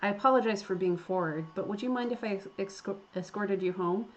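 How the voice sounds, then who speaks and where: A woman's voice: medium pitch, a little fast, muffled recording, lightly acted. A woman voicing a polite, fussy young British male botanist with a British accent, formal, earnest and stammering, in a game.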